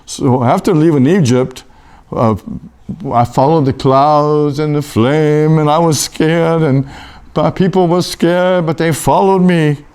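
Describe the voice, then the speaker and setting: A man's voice: on the high side, fairly even intonation, takes it slowly, darkish tone, clear, resonant tone. Folksy old prophet, as a man puts him on. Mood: earnest. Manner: folksy, rambling storyteller. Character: folksy old male biblical shepherd-prophet. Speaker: interview guest in character. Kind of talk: comic character interview.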